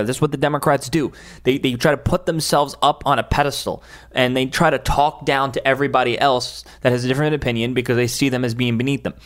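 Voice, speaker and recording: A man's voice: mid-range voice, a bit bright. A man who is a social media influencer, delivering a heated, emphatic opinion rant with frequent restarts.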